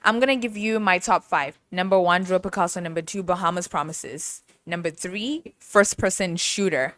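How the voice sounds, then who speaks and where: A young woman hosting a casual music podcast, animated, laughing often and mimicking voices as she talks. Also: lowish voice, moderate pace, dry recording. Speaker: podcast host.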